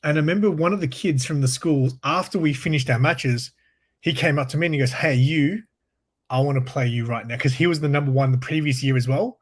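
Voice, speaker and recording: A man's voice: a little high, fast talker, slightly rough. A man with an Australian accent, chatting casually and telling stories, often laughing as he talks. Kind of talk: casual chat, storytelling.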